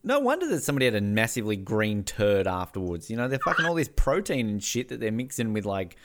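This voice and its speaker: Excitable swearing Australian man. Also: on the low side, fast, background noise. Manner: excitable, swears a lot, acts out quotes. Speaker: podcast co-host. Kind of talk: casual comedic recap chat.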